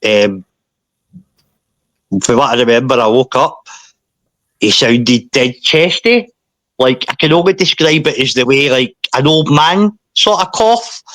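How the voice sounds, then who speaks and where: A man, a podcast guest, recounting a painful personal story in a halting way, often repeating himself and saying mate. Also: medium pitch, animated, a bit bright, no echo.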